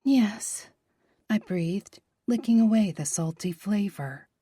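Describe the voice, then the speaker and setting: A woman narrating a romance audiobook in a soft, breathy, half-whispered voice. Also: mid-range voice, a little slow, no echo, studio quality.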